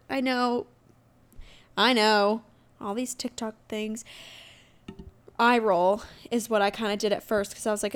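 Chatty young woman telling a story. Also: fairly high pitch. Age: 20s. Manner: candid, chatty storytelling with lively acted quotes. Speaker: podcast host. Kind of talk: casual solo podcast chat.

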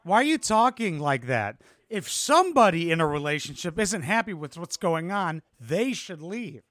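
A man's voice: on the high side, sing-song, moderate pace, a bit bright, no echo, clean studio sound. A man hosting a podcast, giving crude, sarcastic comedic reactions to reality TV clips. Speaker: podcast host.

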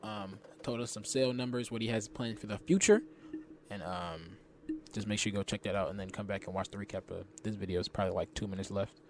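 A young man with a low voice teases his co-host with dry remarks in casual podcast chat. A faint hiss of background noise sits under the recording. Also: fairly even intonation, fast, darkish tone.

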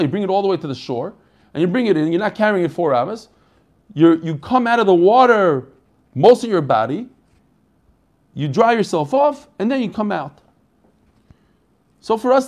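A man teaching an online Talmud class in a casual, chatty way, asking questions and answering them himself. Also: sits high.

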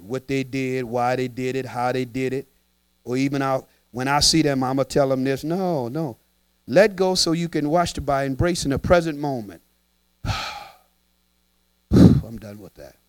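A man's voice: fairly high pitch, no echo. A man, a pastor, preaching a conversational sermon and acting out little scenes in other voices. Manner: animated, conversational, acts out voices.

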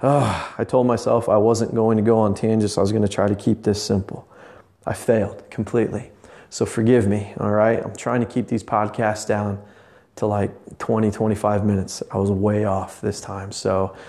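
A man's voice: on the low side, level tone, moderate pace, dark tone. A man, a lay pastor, preaching a passionate, earnest podcast sermon that rambles with restarts. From Indiana, USA.

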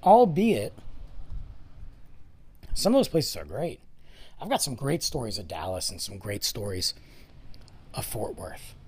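A middle-aged man hosting a casual solo podcast, rambling conversationally with self-deprecating asides, his voice going hoarse. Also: lowish voice, wildly swooping pitch, normal speed. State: voice going hoarse, clearing throat. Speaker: podcast host. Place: lives in the Dallas area, Texas.

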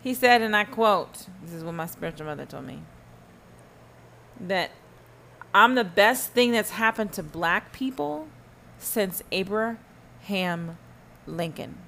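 A woman's voice: mid-range voice, animated, slow pace, creaky, long pauses, a bit bright, a little hiss or hum. A woman hosting a solo podcast, ranting emphatically and sarcastically, firing rhetorical questions and humming asides. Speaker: podcast host.

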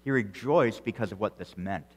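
A man's voice: on the low side, normal speed. Man preaching in a reverberant hall. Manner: earnest preaching with frequent restarts and strong swings in loudness. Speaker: pastor. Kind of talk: sermon.

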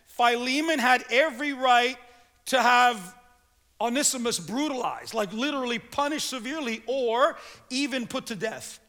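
A man's voice: extremely high pitch, expressive, normal speed, pushed and bright. A man preaching a sermon to his congregation as pastor, repeating words as he restarts and calling on the room to respond. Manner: stammering restarts, rallying the congregation. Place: church sanctuary. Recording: long reverb of a large hall.

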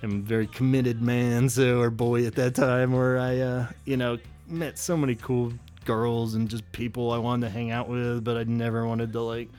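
A man in his thirties talks casually as a podcast co-host, rambling and laughing at himself. His voice sits at an ordinary middle pitch. Faint music plays underneath. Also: level tone, moderate pace, hardly any pauses, darkish tone. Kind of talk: casual chat.

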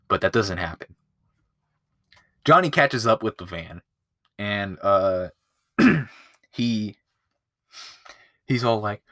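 A man hosts a laid-back movie-review podcast and rambles through it, full of swearing and filler words. His voice sits on the low side. The recording is dry and close-miked. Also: a bit bright, no room sound. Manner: rambling and profane, with lots of filler. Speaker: podcast host.

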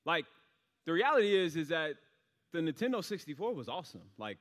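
Young man, preacher, casual storytelling sermon, rambling, higher voice, long hall reverb. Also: very animated, brisk, fairly bright tone. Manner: casual, rambling, many fillers.

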